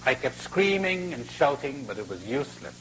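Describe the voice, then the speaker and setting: A man's voice: mid-range voice, very animated, moderate pace, a bit bright, a little hiss or hum, rough recording. Bird in a told fable: grieving, resigned ; a man doing the voice. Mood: mournful. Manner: mournful, resigned. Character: grieving mother bird, helpless and bitter.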